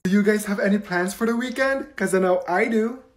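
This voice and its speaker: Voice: mid-range voice, brisk, lightly acted. Relentlessly upbeat woman teacher, as the skit's performer puts her on, sing-song and patient. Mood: peppy. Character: overly cheerful woman schoolteacher. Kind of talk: comedy skit role-play.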